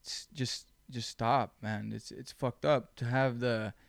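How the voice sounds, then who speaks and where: A man hosting his own podcast, telling stories in a blunt, animated way with plenty of swearing. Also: medium pitch, slow pace, creaky, no room sound, clean studio sound. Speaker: podcast host. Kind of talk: casual chat.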